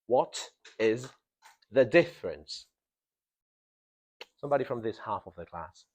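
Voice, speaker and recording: A man leads a classroom grammar lesson, his pitch climbing and dropping with lively emphasis. He drills key words over and over and keeps checking on the class with a quick "yeah?" His voice sits at a middling pitch. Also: husky. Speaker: English teacher.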